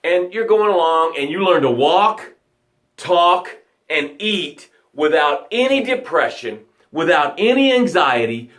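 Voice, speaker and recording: Dramatic high-voiced male motivational coach. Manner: dramatic, swings from loud to hushed; vivid storytelling with repeated phrases. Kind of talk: live motivational broadcast.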